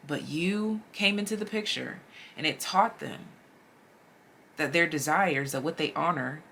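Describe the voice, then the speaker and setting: A woman giving a casual, chatty tarot reading straight to her viewers, animated and slangy. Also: deep voice, unhurried, creaky, a little hiss or hum. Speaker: tarot reader.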